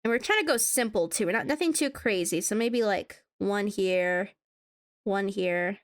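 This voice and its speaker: A woman's voice: mid-range voice, moderate pace. A woman streamer chatting casually to her viewers while she draws, laughing often and humming along to music. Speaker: VTuber streamer. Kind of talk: casual live-stream chat while drawing.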